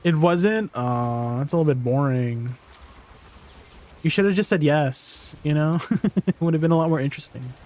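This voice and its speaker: A man's voice: a little high, normal speed, a little mellow. A man streaming a game and chatting casually with his viewers, laughing easily as he answers their questions. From Canada. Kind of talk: casual gameplay stream chat.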